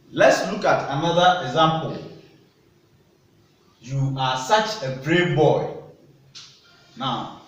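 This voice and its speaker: A man with a high voice teaches young children at an unhurried pace, spelling each point out and asking questions. He sounds far from the microphone in a very echoey classroom. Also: fairly bright tone. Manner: slow, deliberate teacher talk with questions to children. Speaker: primary school teacher. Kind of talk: recorded classroom lesson. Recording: echoey room, voice from a distance.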